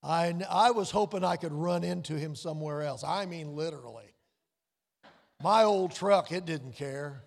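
A man preaching a sermon in a folksy, storytelling way, dropping to quiet, drawn-out emphasis. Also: on the high side, vocal fry, long reverb tail. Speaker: pastor.

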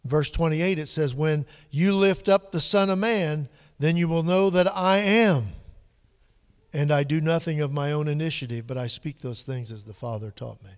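A man's voice: on the high side, moderate pace, smooth. Preacher man in a reverberant hall. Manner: swings from hushed whispers to loud emphatic peaks. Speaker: pastor. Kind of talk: sermon.

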